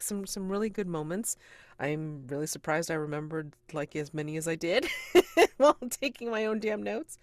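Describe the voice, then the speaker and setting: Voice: mid-range voice, vocal fry, no room sound. A game master wrapping up a tabletop role-playing session, talking in a rambling, enthusiastic way with many fillers.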